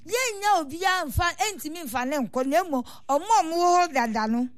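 A woman's voice: very high voice, expressive, normal speed, no echo. A woman with a Ghanaian accent, a football supporters' union leader, giving earnest, complaining interview answers. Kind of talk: interview answers, mixing Twi and English.

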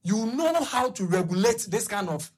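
A woman with a Ghanaian accent chatting on a radio show, telling animated stories and switching between Twi and English. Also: mid-range voice, moderate pace, slightly rough. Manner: animated storytelling, code-switching. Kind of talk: casual chat mixing Twi and English.

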